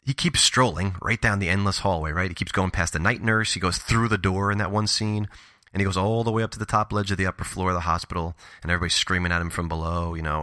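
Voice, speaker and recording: A man co-hosting a podcast in casual chat, animated and joking, with casual swearing. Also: deep voice, no room sound, clean studio sound. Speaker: podcast co-host.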